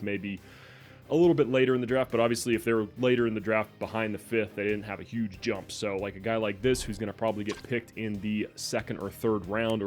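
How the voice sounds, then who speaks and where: Young male gaming creator, lower voice, casual filler-heavy commentary. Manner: relaxed, chatty, many fillers. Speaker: gaming YouTuber.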